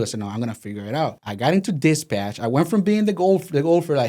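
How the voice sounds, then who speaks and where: A man's voice: mid-range voice, brisk. A man in his thirties from Venezuela with a Spanish accent, telling his story as a guest in a casual interview and acting out the voices of the people he quotes. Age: 30s. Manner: animated, acts out quoted voices.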